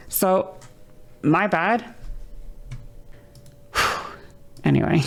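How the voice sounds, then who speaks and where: Low, gravelly woman ranting at chat. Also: unhurried, pauses often. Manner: exasperated, argumentative, swears often. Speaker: streamer. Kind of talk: heated live-stream rant at chat.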